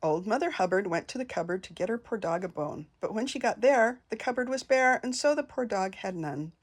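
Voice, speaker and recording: An older woman reading nursery rhymes aloud in a gentle singsong. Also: mid-range voice, expressive, brisk. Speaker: storyteller.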